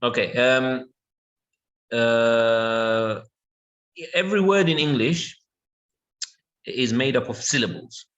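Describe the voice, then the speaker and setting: A man's voice: mid-range voice, slow, long pauses, a bit bright, highs cut off. A man teaching an English lesson, patiently repeating words and checking that his student follows.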